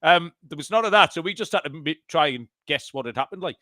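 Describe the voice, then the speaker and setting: A man's voice: on the high side, lively intonation, quick pace, bright, forceful tone. A man co-hosting a betting podcast in casual chat, joking and swearing. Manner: swears, laughs often, jokey. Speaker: podcast co-host.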